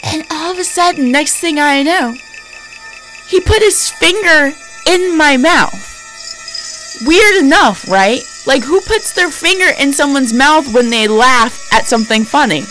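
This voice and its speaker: A woman in her thirties hosting a podcast, telling stories casually in a deliberately lowered, spooky voice, chatty and emphatic with lots of fillers. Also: lively intonation, a bit bright, faint music behind, low-quality recording. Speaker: podcast host. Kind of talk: casual storytelling.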